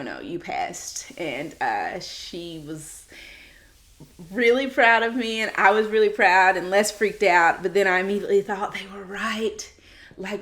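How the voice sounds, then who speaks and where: A woman in her thirties hosting her own podcast, chatting casually and animatedly, with quick asides and quoted remarks from friends. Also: on the low side. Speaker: podcast host. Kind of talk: casual solo podcast chat. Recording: roomy echo.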